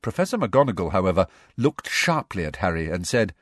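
A man narrating a storybook in an expressive storytelling manner. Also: sits low, brisk, dry recording, clean studio sound. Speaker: audiobook narrator. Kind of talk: scripted narration.

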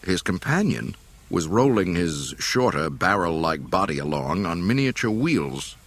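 A man reading a story aloud in an expressive, dramatic narration. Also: extremely low pitch, normal speed, breathy edge, no room sound. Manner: expressive, voicing every character.

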